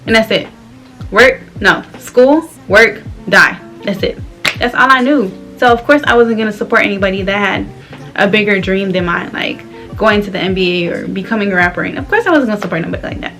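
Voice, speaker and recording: Bright-voiced young woman chatting casually. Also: mid-range voice, brisk, faint music behind. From Florida, US. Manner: loose, candid, slangy, laughs often. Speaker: vlogger. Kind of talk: casual chat while doing her hair.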